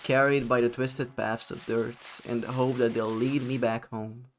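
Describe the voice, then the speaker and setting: A man's voice: medium pitch, little pitch movement, a little slow, a little hiss or hum, lightly acted. A man reading game narration as an airy valley girl with a breezy delivery. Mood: dreamy.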